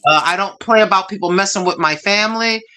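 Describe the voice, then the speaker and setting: A middle-aged woman hosting a casual live stream, chatting in an animated way, telling stories and laughing often. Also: mid-range voice, fast talker, slight background noise.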